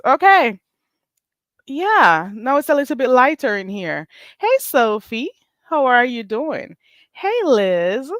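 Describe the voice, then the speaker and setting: A woman's voice: fairly high pitch, big pitch swings, slow, fairly bright tone, dry recording. A woman from Jamaica with a Jamaican accent, chatting casually and animatedly as host of a live stream, greeting viewers and laughing. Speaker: livestream host.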